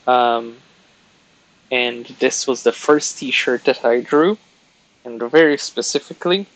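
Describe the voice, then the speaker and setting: A man's voice: medium pitch, steady tone, measured pace, gravelly, fairly bright tone, no room sound, low-quality recording. A man streaming live, chatting casually while he colours, chatty and self-mocking with frequent giggles.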